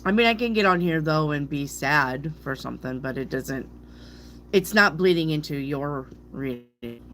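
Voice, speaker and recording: A woman's voice: sits low, lively intonation, normal speed, a bit bright, a little hiss or hum. A middle-aged woman, a tarot reader, chatting casually to her viewers, playfully tripping over hard words and laughing at herself. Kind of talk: casual rambling chat to viewers.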